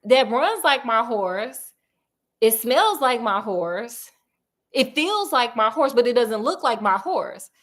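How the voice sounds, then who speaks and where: A woman's voice: a little high, big pitch swings, takes it slowly, fairly bright tone, exaggerated voice. A woman voicing a grumpy, impatient male horse owner who complains and barks questions. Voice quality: complaining, bossy.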